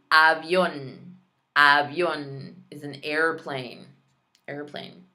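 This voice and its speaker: A woman's voice: deep voice, sharp tone. A woman teaching a Spanish lesson online, pronouncing practice words carefully and adding chatty, playful asides.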